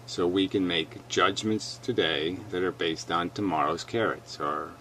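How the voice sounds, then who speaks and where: A man's voice: deep voice, a little slow, fairly bright tone, slight background noise. A man hosting a video reaction, talking bluntly and emphatically as he argues his point. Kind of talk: argumentative commentary.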